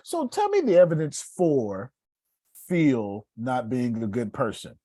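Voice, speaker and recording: A man voicing a calm female classmate who coaches him like a therapist with patient, probing questions. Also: extremely low pitch, slow pace, no echo, exaggerated voice.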